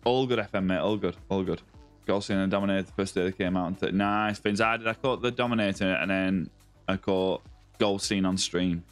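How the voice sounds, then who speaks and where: Faint music plays behind a man live-streaming a game, joking around and greeting viewers by name in his Lancashire English accent, from northwest England near Yorkshire. He speaks briskly in a low voice with fairly even intonation.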